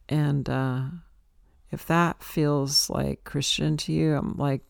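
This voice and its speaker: A woman's voice: deep voice, fairly even intonation, unhurried, gravelly, a little mellow, no room sound, studio quality. A tired woman podcast host in a rambling, reflective spiritual monologue, breaking into exasperated quoted outbursts.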